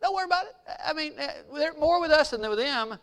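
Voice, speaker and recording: A man's voice: very high voice, expressive, quick pace, fairly bright tone, pitched above the performer's own voice, exaggerated voice. A man voicing a carefree old male prophet in a folksy, offhand way during a sermon. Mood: breezy.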